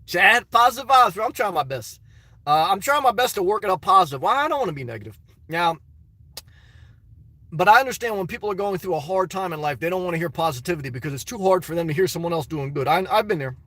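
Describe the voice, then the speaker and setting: A man's voice: sits high, animated, fast talker, bright, forceful tone, dry recording. A middle-aged man chatting casually on a live stream from his parked car, reading out viewers' messages and calling them brother.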